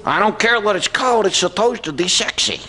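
A man voicing a Southern-accented redneck puppet in a stand-up ventriloquist routine speaks in a high, bright, forceful voice, brisk and expressive, as the brash, cheeky dummy hollers and whoops over the noise of a comedy club.

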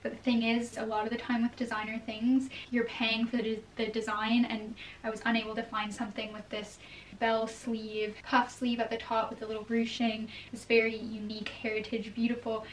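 A young woman with a fairly high voice talks chattily to camera, cheerful and quick to laugh. She sounds a step away from the mic, with a faint hiss behind her. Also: monotone. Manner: upbeat and chatty, with frequent laughs. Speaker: fashion vlogger. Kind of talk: casual chat to camera, trying on clothes. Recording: distant mic with faint background noise.

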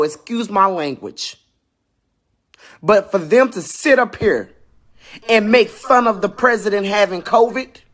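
A man ranting angrily in a video clip, shouting and swearing as he speaks. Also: high voice. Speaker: Trump supporter in a played clip. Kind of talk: angry rant.

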